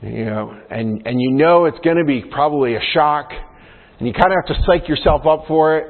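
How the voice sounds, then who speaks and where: A man's voice: a little high, fairly quick. A man preaching a sermon as pastor, earnest, often putting questions to the congregation. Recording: tinny phone-like sound with long hall reverb.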